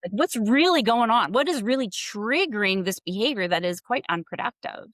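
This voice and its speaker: A woman's voice: on the high side, expressive, moderate pace, fairly bright tone, no echo, clean studio sound. A woman executive coach talking candidly and reflectively as a podcast guest, laughing lightly and posing questions to herself. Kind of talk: conversational podcast interview.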